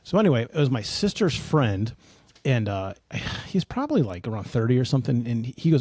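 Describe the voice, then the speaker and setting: A man's voice: mid-range voice, very animated, a little fast, darkish tone, no echo, studio quality. A middle-aged man hosting a podcast, telling a rambling, self-mocking story in casual chat. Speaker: podcast host.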